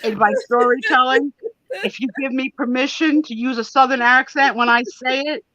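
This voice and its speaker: Bright, playful woman hosting a live chat. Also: high-pitched, fairly even intonation, fairly quick, no room sound, rough recording. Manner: playful, exclaiming, teasing. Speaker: host. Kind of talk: casual chat.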